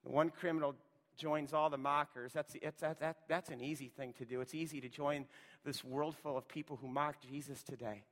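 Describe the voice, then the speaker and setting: A pastor preaching a sermon, rising to loud emphatic lines and dropping to a hushed near-whisper. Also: male voice, on the high side, fairly even intonation, fairly quick, big-room sound.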